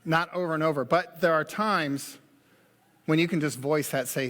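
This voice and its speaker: Male pastor, high voice, folksy preaching, long church reverb. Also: fairly even intonation, moderate pace, fairly bright tone. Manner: folksy, joking asides. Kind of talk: sermon. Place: church sanctuary.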